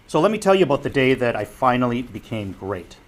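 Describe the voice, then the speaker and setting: A man's voice: mid-range voice, big pitch swings, quick pace. Earnest man giving a broadcasting lecture. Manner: earnest, direct, repeats key advice. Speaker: broadcasting instructor and former sportscaster. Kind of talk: public lecture.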